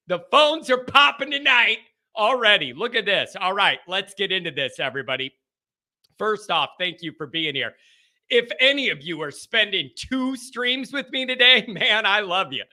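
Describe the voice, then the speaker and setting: A man hosting a live fan call-in stream, talking loudly and excitedly with yelling bursts. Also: sits high, moderate pace. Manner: loud, animated, yelling bursts.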